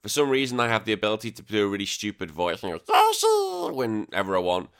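A man's voice: on the low side, fast, fairly bright tone, clean tone. A man from the UK hosting a retro gaming podcast, chatting casually in a jokey, self-mocking way. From United Kingdom. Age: adult with a young daughter. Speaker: podcast host.

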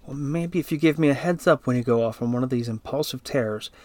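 A man voicing an irritated husband who scolds his wife about money in a sharp, accusing tone. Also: mid-range voice, a little fast, no echo, natural voice. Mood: angry.

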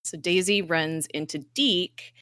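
Low-voiced chatty woman recapping casually. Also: takes it slowly, sharp tone, no room sound, studio quality. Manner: chatty, fillers like "like" and "um", swears freely. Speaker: podcast host recapping a TV episode.

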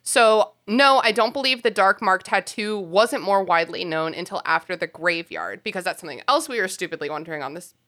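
A woman's voice: mid-range voice, brisk, hardly any pauses, bright, forceful tone. A woman co-hosting a casual podcast, reading a listener email aloud with giggles and self-mocking swearing. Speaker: podcast co-host.

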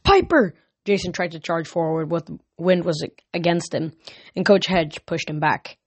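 A man reading a novel aloud as an amateur audiobook, steady with small slips. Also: fairly high pitch, moderate pace, no echo. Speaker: reader.

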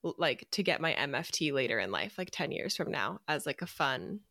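A young woman with a fairly low voice, talking about herself in a relaxed podcast chat. She rambles openly and giggles, and the sound is dry and close. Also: a little fast, vocal fry, no room sound. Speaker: podcast co-host, interviewee. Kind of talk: casual chat.

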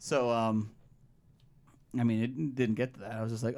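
A man co-hosting a podcast, telling a long story in casual chat, with plenty of swearing and animated asides. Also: mid-range voice, measured pace, long pauses. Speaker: podcast co-host.

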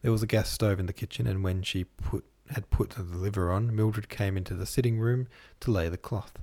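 A man reading a classic novel aloud as a podcast host, in measured literary narration. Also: on the low side, fairly even intonation, mellow. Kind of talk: scripted narration.

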